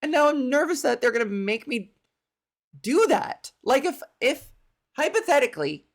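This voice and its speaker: A Canadian woman hosting a comedy podcast, telling a rambling, self-deprecating story and acting out the people in it. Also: a little high.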